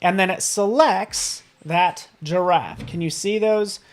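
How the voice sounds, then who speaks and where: A man hosting a live software tutorial, upbeat and playful, often checking in with the viewers and tossing in silly sound effects. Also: sits high, takes it slowly, soft background music. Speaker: design software instructor.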